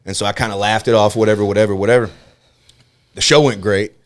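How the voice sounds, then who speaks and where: Fast-talking profane male storyteller. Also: on the low side. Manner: fast, profane, animated storytelling with acted-out quotes. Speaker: comedian guest. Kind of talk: casual podcast storytelling.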